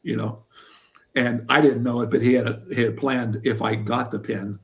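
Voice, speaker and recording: An older man from Pennsylvania, a former wrestler and coach, telling stories in an interview with lively energy. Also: medium pitch, normal speed. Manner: animated storyteller who acts out what others said. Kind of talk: storytelling in an interview.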